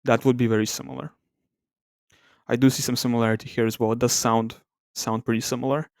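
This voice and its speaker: A man with a smooth, resonant voice talks softly through an ASMR-style language comparison. He thinks aloud, hesitates and corrects himself often. The sound is close and dry, with no room around it. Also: mid-range voice, flat delivery, fast talker, no room sound. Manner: soft-spoken, reluctant to talk aloud. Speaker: language video host.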